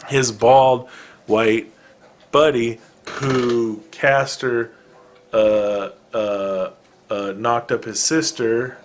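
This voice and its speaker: A man's voice: medium pitch, steady tone, very slow, a little hiss or hum. A man hosting a casual solo podcast from home, rambling in a wry, self-deprecating way with many fillers and restarts. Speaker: podcast host. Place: home room with dogs present.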